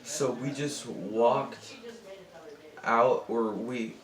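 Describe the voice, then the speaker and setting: Over gameplay, a young man who hosts a gaming channel rambles through a profane story, interrupting himself often and drawing out his words. His mid-range voice echoes, and others are audible in the house.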